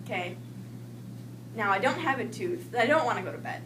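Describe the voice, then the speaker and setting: A young woman telling a personal childhood story in a lively way, acting out the voices she quotes. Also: on the high side, brisk. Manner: animated, acts out quoted voices. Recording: echoey room with noise, mic at a distance.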